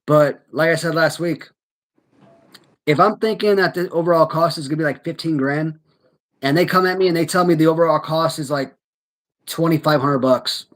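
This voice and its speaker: Guy thinking out loud in casual chat, lots of um and you know, bit high pitched. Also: moderate pace, poor audio. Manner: thinking aloud, hesitant, many fillers.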